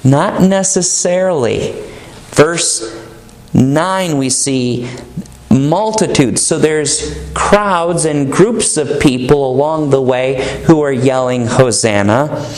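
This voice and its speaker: A man's voice: fairly high pitch, takes it slowly, a little mellow. A male pastor preaching a sermon in an earnest, emphatic manner, stretching out key words. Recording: echoey room.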